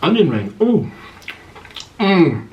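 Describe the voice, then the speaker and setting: A young man talks through a spicy meal in a loose, rambling way, clearing his throat between bites. His pitch swings widely as he chats, and a faint hiss sits under the recording. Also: sing-song, slow pace, muffled recording. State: mouth burning from spicy food. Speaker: vlogger. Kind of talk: eating vlog and Q&A.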